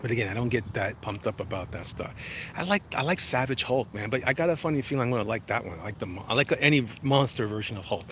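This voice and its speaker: Walking outdoors on a casual livestream, a man reads chat messages aloud, rambling, joking and often restarting his sentences. His medium-pitched voice is a bit bright, with lively intonation and a fast delivery. The recording is rough, with a little hiss or hum.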